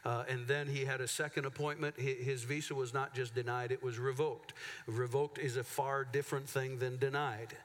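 A pastor speaking candidly in a sermon, halting and emotional as he tells a personal story with many restarts. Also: medium pitch, level tone, a bit bright. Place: church sanctuary. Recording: church hall with long reverb.

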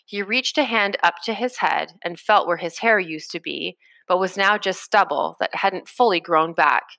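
A woman narrating a chapter of a novel in a steady storytelling manner. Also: fairly low pitch, normal speed, creaky, hardly any pauses, no echo. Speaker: audiobook narrator. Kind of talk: scripted narration.

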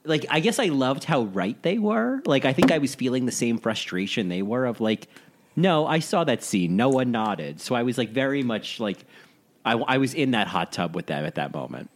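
Expressive, giggly young man guest. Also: medium pitch, moderate pace. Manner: expressive, gasping and laughing, lively reactions. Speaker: podcast guest. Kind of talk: casual chat.

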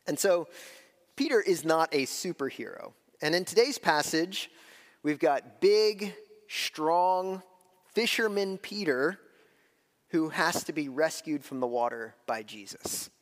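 Preacher in a reverberant church. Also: male voice, fairly high pitch, expressive. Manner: conversational preaching, shifting between slow emphasis and quick asides. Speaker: pastor. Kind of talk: sermon.

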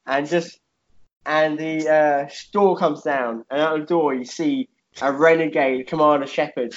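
Casual male co-host, animated rambler, swears freely, checks in with "yeah?", dull lo-fi sound. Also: a little high, unhurried. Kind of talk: casual chat, telling a made-up fight story.

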